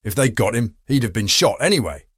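A man's voice: mid-range voice, big pitch swings, a little fast, husky, no room sound, clean studio sound. Audiobook detective: wry, clipped and sure of himself, a touch raised, from a male reader. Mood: confident. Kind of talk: audiobook reading.

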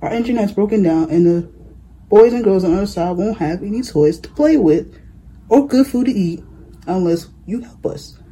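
A reader voicing a chorus of toys and dolls pleading for help in a storybook, in a raised, husky voice. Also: mid-range voice, expressive, normal speed, dark tone, low-quality recording. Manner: pleading, begging.

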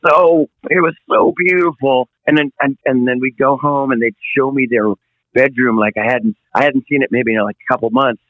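A middle-aged man tells stories in a relaxed interview chat, jumping into little acted-out voices as he goes. The sound is dry and a bit dull, like a lo-fi recording. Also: mid-range voice, normal speed, no room sound. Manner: animated storyteller, acts out voices. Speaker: touring rock singer, guest.

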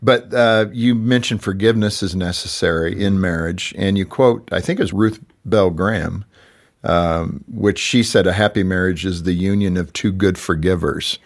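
A man hosting an interview, asking measured, thoughtful questions. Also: low-pitched. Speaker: interview host.

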